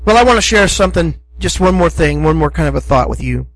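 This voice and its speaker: A man's voice: fairly high pitch, animated, fast talker, a bit bright, low-quality recording. A middle-aged male pastor preaching a sermon in a conversational, emphatic way, acting out short asides.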